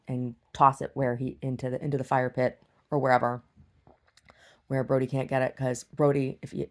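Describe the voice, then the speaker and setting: Low, gravelly woman musing aloud. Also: a little mellow. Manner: rambling, talking to herself. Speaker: vlogger. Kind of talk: casual video diary.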